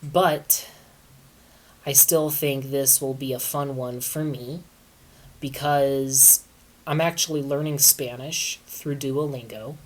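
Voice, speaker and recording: A woman reading fan fiction aloud in a measured, deadpan way, as the host of her channel. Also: rumbling low.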